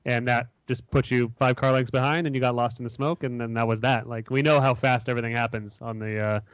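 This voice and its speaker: A man's voice: medium pitch, steady tone, fast talker, smooth, dry recording, lo-fi sound. A man co-hosting a podcast in an easygoing, teasing way. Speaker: podcast co-host. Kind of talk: casual podcast chat.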